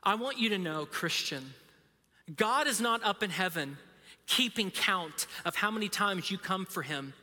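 Bright-voiced pastor in a big hall. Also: male voice, high-pitched, animated, measured pace. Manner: conversational storytelling with self-deprecating humor. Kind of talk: sermon. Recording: reverberant hall.

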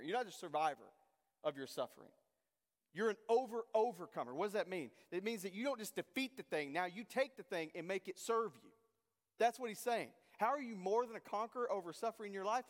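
A man's voice: high-pitched, in a large hall. A man preaching a sermon as a pastor, reading scripture aloud and then driving it home with impassioned, emphatic declarations.

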